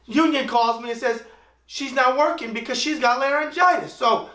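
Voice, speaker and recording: A man's voice: very high voice, normal speed, pushed and bright. A man from the US East Coast hosting a web talk show, doing a brash, wisecracking, opinionated opening monologue. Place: room in Tulsa, Oklahoma. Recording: roomy echo, mic at a distance.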